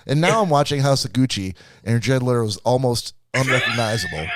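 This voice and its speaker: A man co-hosting a podcast, ranting and laughing through a profane movie review in casual chat. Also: mid-range voice. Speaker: podcast co-host.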